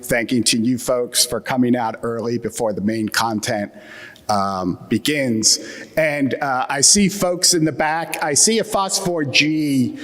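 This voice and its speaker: Unhurried and medium-pitched with a slightly bright tone, a man delivers a joking, wry keynote to a conference audience, using plenty of fillers. He has a Mid-Atlantic (Atlantic Midland) American accent and comes from that region, and the hall is reverberant.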